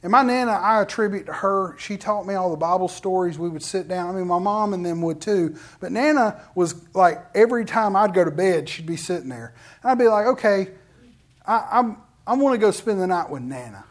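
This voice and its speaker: A middle-aged man, a pastor telling personal stories in an animated sermon and acting out quoted voices. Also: sits high, brisk. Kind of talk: storytelling sermon.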